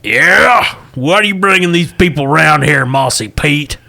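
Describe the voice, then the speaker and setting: Gruff, hairy tavern keeper with an Egyptian-Italian accent voiced by a man, loud and bright. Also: fairly high pitch, lively intonation, normal speed, full character voice. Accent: Egyptian-Italian put-on.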